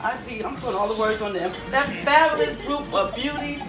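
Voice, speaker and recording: Higher-pitched woman, emphatic and laughing. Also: a little fast. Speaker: running group member. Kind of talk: personal testimony to a group. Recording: echoey room from far off, with crowd and music.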